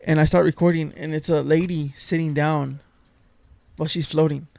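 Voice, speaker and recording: Slightly high, gravelly man on a podcast. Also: moderate pace, no echo. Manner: excited, slangy storytelling. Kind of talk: casual chat.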